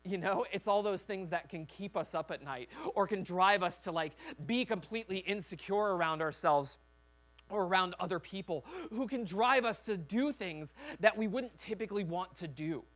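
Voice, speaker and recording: A man's voice: high-pitched, normal speed, a bit bright. Man preaching a casual, conversational sermon. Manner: conversational, acts out quoted voices. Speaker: pastor. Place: church.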